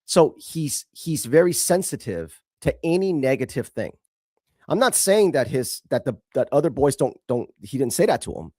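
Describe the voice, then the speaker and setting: A man's voice: mid-range voice, very animated, moderate pace, dark tone, no echo, clean studio sound. A male host giving emphatic, scornful commentary on a video clip, repeating himself for stress.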